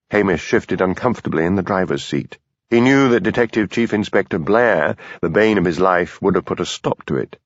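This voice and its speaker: A man narrating an audiobook in a measured, expressive reading. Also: deep voice, no echo. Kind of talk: scripted narration. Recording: dull lo-fi dry studio recording.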